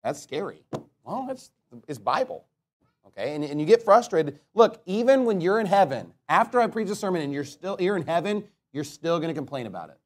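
A man with a notably high voice preaches a blunt, fiery sermon. He swings between loud emphasis and quiet asides, and slows to a solemn cadence when reading scripture. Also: animated. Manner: reads scripture in slow, solemn tones. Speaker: pastor.

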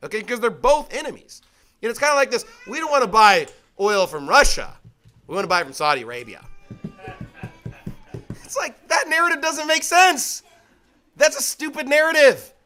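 A man's voice: extremely high pitch, very animated, brisk, sharp tone. A man teaching the Bible in a casual, conversational way, full of rhetorical questions and emphatic repetition. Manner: emphatic, repeats his points.

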